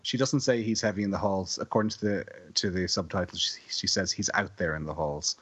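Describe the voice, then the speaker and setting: A man's voice: low-pitched, fairly quick, hardly any pauses, a bit bright, breathy edge, no room sound. A man, co-hosting a casual film podcast, wry and reading trivia notes aloud. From Ireland. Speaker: podcast co-host.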